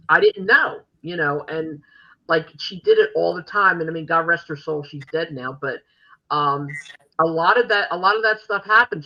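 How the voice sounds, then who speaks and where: A woman's voice: low-pitched, bright, forceful tone, lo-fi sound. A woman podcast host telling stories in casual interview chat, rambling with fillers and restarts. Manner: chatty storytelling with many fillers and restarts.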